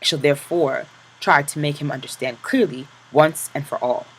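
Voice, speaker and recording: A man reading a memoir aloud and voicing a cruel male camp work boss, whose slow, cold threats give way to loud barked orders and counts. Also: fairly high pitch, slight background noise, low-quality recording. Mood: cold menace.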